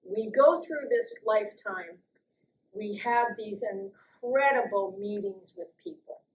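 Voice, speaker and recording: Slow, calm woman in an echoey room. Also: a little hiss or hum. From US East Coast. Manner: slow, calm, deliberate, with soft low-voiced stretches. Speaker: guest speaker. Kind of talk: personal storytelling talk. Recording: roomy echoey recording.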